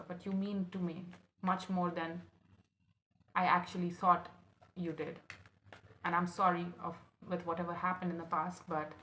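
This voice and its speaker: The recording has a roomy echo and a little room noise. A tarot reader with a voice on the low side and a slight brightness gives her viewers an earnest, emotional reading, calling the listener honey.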